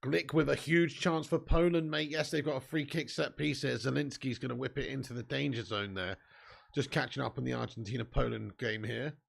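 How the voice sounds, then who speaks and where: A young man hosting a live football watch-along, joking and swearing, breaking into shouts when chances come. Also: mid-range voice, steady tone, fairly quick, vocal fry. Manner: banter-filled, swearing, jokey, bursts into shouts at chances.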